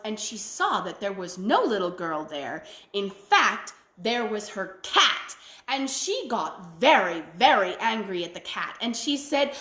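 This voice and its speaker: A woman storyteller telling a traditional tale in an expressive, folksy way. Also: medium pitch, unhurried, roomy sound. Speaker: library storyteller. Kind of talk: oral storytelling.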